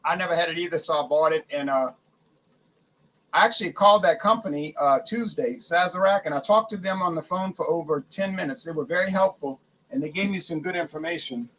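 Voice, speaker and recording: A chatty man co-hosting a relaxed casual chat, his voice slightly high. He goes through things one at a time in a plain, talkative way. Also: brisk, poor audio. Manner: chatty, lists items and prices off one by one. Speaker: co-host.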